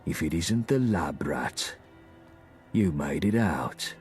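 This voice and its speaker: An actor playing a sly male London gang leader who speaks in a husky, mocking drawl. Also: extremely low pitch, animated, takes it slowly, a little mellow, faint music behind, exaggerated voice.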